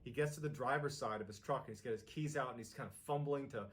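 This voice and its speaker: A man's voice: mid-range voice, quick pace. A man narrating a horror story with a suspenseful manner that builds intensity.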